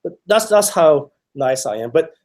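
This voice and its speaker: Animated, rambling podcast co-host man. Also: a little high, normal speed. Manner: rambling, many fillers and restarts; animated storytelling with acted-out quotes. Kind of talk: casual podcast chat.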